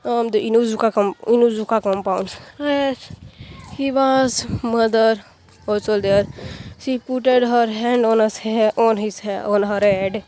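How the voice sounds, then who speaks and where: A woman's voice: a little high, steady tone, unhurried, darkish tone, slight background noise. A woman casually retelling a fan story in a rambling, filler-heavy way with frequent restarts.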